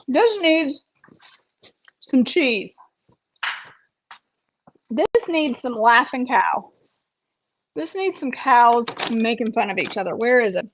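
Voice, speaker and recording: A woman's voice: fairly high pitch, a little hiss or hum, rough recording. A woman health coach chatting playfully while she eats on a casual livestream, with self-deprecating jokes. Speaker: health coach and vlog host.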